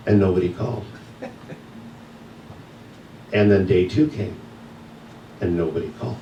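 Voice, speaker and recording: A man's voice: sits low, steady tone, lo-fi sound, slight background noise. Man telling a story in an echoey hall. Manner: storytelling with pauses and soft laughs. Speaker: guest speaker, yoga teacher. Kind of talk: personal story in a church message. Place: church sanctuary. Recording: echoey hall, mic from a distance.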